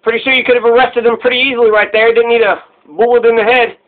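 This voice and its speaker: Male commentator, high voice, loose profane monologue, lo-fi phone-quality sound. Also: little pitch movement, fast. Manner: rambling, profane, restarts mid-thought. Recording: tinny phone-like recording.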